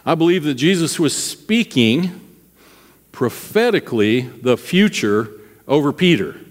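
A man's voice: on the high side, sing-song, measured pace. Conversational male pastor in a reverberant hall. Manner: conversational, quizzes the congregation. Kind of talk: sermon. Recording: long reverb of a large hall.

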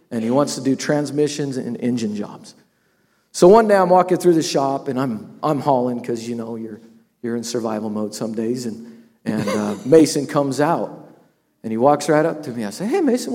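A man's voice: medium pitch, normal speed, darkish tone, in a large hall. A man telling an emotional personal testimony about his workplace, laughing often and tearing up at moments. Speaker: business owner sharing a testimony.

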